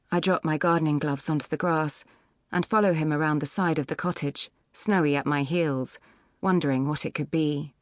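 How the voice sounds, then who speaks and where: A woman reads a first-person novel with a low, measured, even delivery. The recording is close and dry, with no room sound at all. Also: dry recording. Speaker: audiobook narrator. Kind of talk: scripted first-person narration. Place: recording studio.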